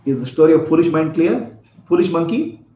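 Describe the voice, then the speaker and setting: Guy, fairly high voice, spiritual teacher telling a story, echoey room, kinda dull lo-fi sound. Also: lively intonation, brisk, warm tone. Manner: storytelling, asks listeners questions, laughs often. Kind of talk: spiritual talk to listeners.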